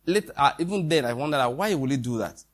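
A man's voice: medium pitch, animated, fast. A man preaching a sermon in a conversational way, with quoted dialogue and questions to the congregation.

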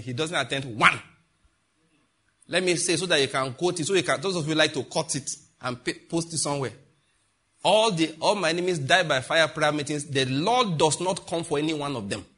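A middle-aged man from Africa preaching a sermon as a pastor, emphatic and mocking, with sudden loud outbursts. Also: mid-range voice, breathy edge.

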